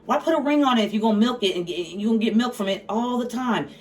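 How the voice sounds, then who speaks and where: A woman's voice: on the high side, fast talker. A woman giving a casual tarot reading, blunt and profane, with sassy asides. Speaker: tarot reader. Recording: slightly distant mic, faint background noise.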